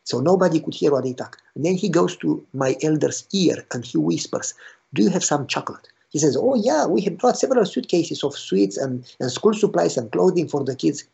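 A pastor telling a story in a sermon, animated and acting out the dialogue with a rising voice. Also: male voice, on the high side, brisk, creaky, hardly any pauses, husky. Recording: dull lo-fi recording.

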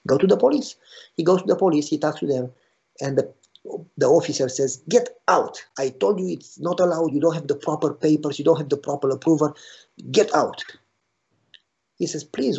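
A pastor telling a story in a sermon, animated and acting out the dialogue with a rising voice. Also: male voice, mid-range voice, vocal fry, slightly rough. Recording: dull lo-fi recording.

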